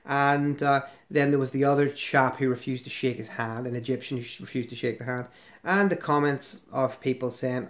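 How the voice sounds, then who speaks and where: A man's voice: medium pitch, fairly even intonation, moderate pace. Middle-aged man, mid-range voice, loose sarcastic vlog commentary full of asides. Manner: sarcastic, rambling with fillers. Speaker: ex-member commentator. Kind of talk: casual commentary on a website.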